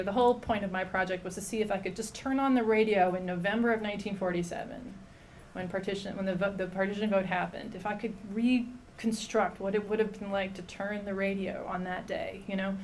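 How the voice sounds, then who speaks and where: A woman's voice: medium pitch, slight background noise. A woman giving an academic history lecture in a conversational way, with frequent "um" fillers and restarts. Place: lecture hall.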